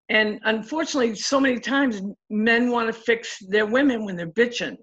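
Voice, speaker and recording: A woman's voice: on the high side, moderate pace, hardly any pauses, breathy edge, lo-fi sound. A woman relationship coach in a casual interview, telling stories and acting out what her clients said. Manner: animated, acts out quotes of clients.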